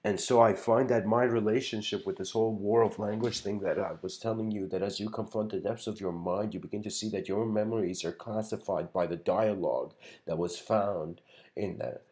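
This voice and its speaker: A man's voice: lowish voice, fairly even intonation, fairly quick, a little mellow. A man giving a casual philosophical lecture. He rambles and tells stories, with lots of "like" and "you know.". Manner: rambling, filler-heavy, storytelling.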